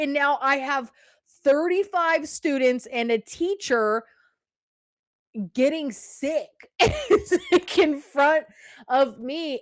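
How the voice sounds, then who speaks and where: Young female podcast host with a fairly high voice, animated and profane, recorded dry and close. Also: no room sound. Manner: animated, profane, rhetorical "okay?" asides. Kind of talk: casual storytelling.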